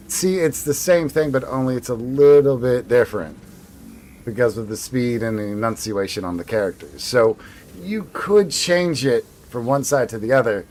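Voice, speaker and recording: A man's voice: medium pitch, moderate pace, darkish tone. A man casually chatting and rambling while livestreaming a video game, laughing now and then. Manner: rambling, easygoing, laughs often. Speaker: game streamer.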